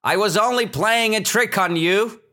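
A man voicing a mischievous young shepherd boy in a read-aloud story, shouting shrilly. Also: sits high, normal speed, pitched above the performer's own voice. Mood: gloating.

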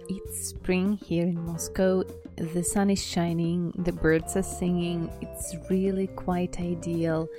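A woman with a Russian accent hosting an English lesson podcast, chatting warmly and reading a story aloud. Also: on the low side. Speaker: English teacher and podcast host. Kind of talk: language lesson with read-aloud.

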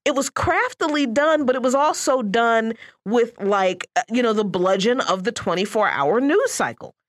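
A woman co-hosting a political talk radio show, speaking in an animated, emphatic way and often laughing while she talks. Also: fairly high pitch, normal speed, no room sound, clean studio sound.

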